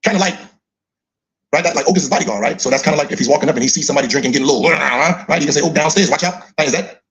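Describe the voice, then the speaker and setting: A man's voice: on the high side, very fast, fairly bright tone. A middle-aged man giving casual mocking commentary, laughing often and teasing with repeated "huh?" questions. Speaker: podcast co-host reacting to clips.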